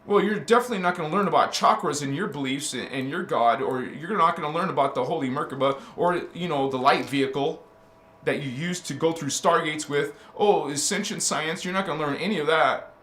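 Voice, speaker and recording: A man's voice: on the high side, brisk, a bit bright. A man preaching as a spiritual teacher. He speaks fervently and needles his listeners with rhetorical questions, stammering and restarting his phrases. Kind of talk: preaching monologue. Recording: roomy echo.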